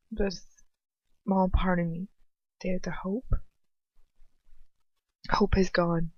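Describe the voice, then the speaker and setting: A woman's voice: fairly low pitch, no room sound. A young woman reading first-person fan fiction with emotion, now and then breaking off for casual asides, in a dry, slightly dull home recording. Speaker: amateur audiobook reader.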